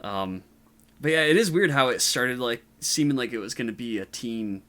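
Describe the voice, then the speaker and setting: A man co-hosting a relaxed movie review podcast. He rambles, circling back with fillers and restarts as he recalls scenes. His voice sits at an ordinary middle pitch. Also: moderate pace. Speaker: podcast co-host. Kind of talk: casual movie review chat.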